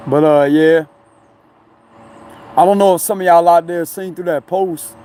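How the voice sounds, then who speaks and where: A man's voice: a little high, gravelly, warm tone, a little hiss or hum. A man chatting loosely on a live stream, rambling, laughing often and tagging lines with "you know what I'm saying". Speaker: tarot reader streaming live. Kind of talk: casual live-stream chat. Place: outdoors near a tree and traffic.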